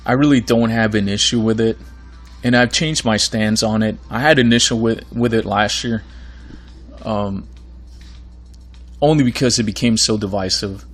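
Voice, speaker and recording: A man hosting his own podcast in a casual monologue, earnest and rambling, with a voice going hoarse. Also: lowish voice, steady tone, normal speed, pauses often, faint music behind. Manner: rambling, earnest, many fillers and restarts. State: losing his voice. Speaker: podcast host.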